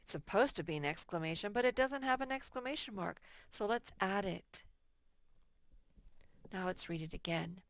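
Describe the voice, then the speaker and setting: A woman teaching a first grade worksheet lesson to young children, patient and slow, reading example sentences aloud with emphasis. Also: mid-range voice, vocal fry, dry recording.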